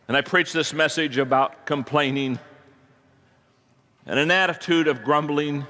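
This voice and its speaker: Man preaching a sermon, pastor, animated storytelling, high bright voice. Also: a little slow, pauses often. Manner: animated storytelling, swinging from hushed to loud.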